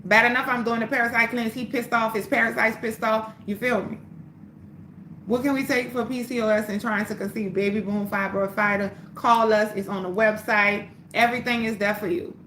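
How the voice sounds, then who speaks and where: A woman's voice: on the high side, little pitch movement, moderate pace, sharp tone, roomy sound, slight background noise. A woman from New Orleans with a New Orleans accent, hosting a casual livestream, answering viewer questions in a blunt, profane, preachy way and repeating phrases for emphasis. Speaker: livestream host selling herbal teas. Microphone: phone or webcam livestream.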